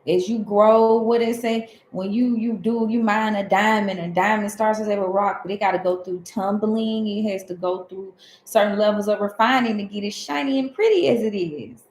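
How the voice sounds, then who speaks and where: A woman's voice: mid-range voice, normal speed, few pauses, darkish tone, reverberant, a little hiss or hum, poor audio. A woman from Alabama with a Southern accent, giving a rambling, conversational spiritual talk as a tarot host.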